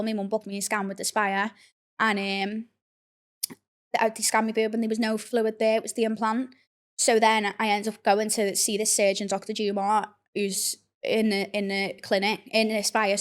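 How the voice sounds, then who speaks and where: A young woman, telling a personal story in a candid, blunt way with plenty of swearing and fillers. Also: medium pitch. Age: young adult. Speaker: podcast host. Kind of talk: casual confessional storytelling.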